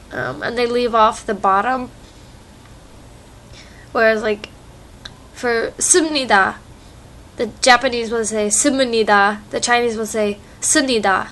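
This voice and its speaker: Young american girl rambling into her phone, kinda high voice, faint hiss behind. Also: a bit bright. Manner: chatty, rambling, many "like" and "um" fillers. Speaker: vlogger. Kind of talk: casual vlog chat. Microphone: phone microphone.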